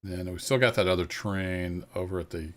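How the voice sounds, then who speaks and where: Low-voiced male game streamer with an easygoing, chatty manner who talks viewers through his play. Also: fairly even intonation, moderate pace, fairly bright tone. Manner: easygoing, self-deprecating, thinks aloud to viewers. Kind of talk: casual live gameplay commentary.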